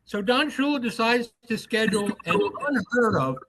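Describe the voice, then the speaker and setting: A man with a notably high speaking voice spins a story as a podcast guest. He tells it with energy and voices the people in it as he goes. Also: normal speed, a little hiss or hum, poor audio. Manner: animated anecdote teller, acts out quoted lines. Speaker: author guest.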